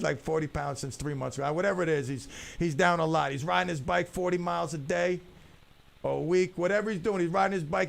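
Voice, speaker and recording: A man's voice: high-pitched, vocal fry. A man in his fifties hosting a radio talk show, joking and rambling through stories with lots of restarts, into a studio microphone. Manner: jokey, rambling storyteller with many restarts. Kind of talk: casual talk radio banter.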